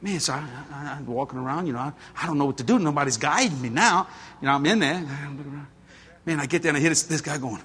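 A middle-aged man preaching a storytelling sermon, folksy and animated, laughing at his own stories. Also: on the high side, fast talker, slight background noise.

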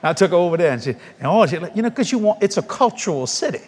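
Lively high-voiced New preacher. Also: male voice, quick pace, big-room sound, noisy background. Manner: animated, laughing storyteller who mimics voices. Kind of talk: storytelling sermon.

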